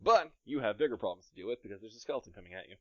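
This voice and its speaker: A man running a tabletop game as game master, playful and narrating combat with quick asides. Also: lowish voice, expressive, darkish tone, no room sound. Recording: dry, slightly dull podcast mic.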